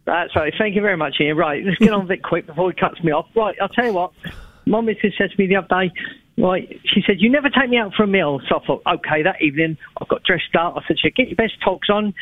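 A man's voice: sits high, no room sound. Jokey man on a tinny phone line. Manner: tells rambling gag stories, chuckles at his own jokes. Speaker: caller telling jokes.

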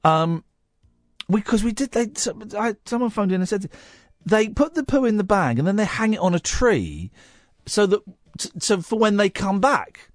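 A man hosting a radio phone-in, telling a rambling story in an animated way, in a studio at a studio mic. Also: high-pitched, normal speed, no echo. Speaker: radio host. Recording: dry studio sound.

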